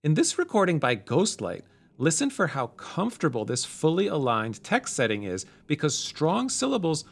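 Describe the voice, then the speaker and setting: A man teaching music theory in a clear, measured voice that sits a little high for a man. His pitch moves around a lot as he explains, rising and falling with each point. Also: huge pitch swings. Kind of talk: explanatory lesson narration.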